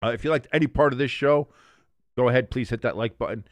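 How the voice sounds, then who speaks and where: A man hosts a casual sports picks show and talks in an animated, joking, chatty way. His voice sits at a medium pitch. The sound is dry and close, with no room echo. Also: fast talker.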